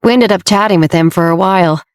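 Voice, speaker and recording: A woman's voice: on the low side, fast talker, smooth, no room sound, natural voice. A woman narrator voicing a confident, teasing young man, the wealthy heir in a romance audiobook, read in a dry, close recording. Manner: playful, teasing.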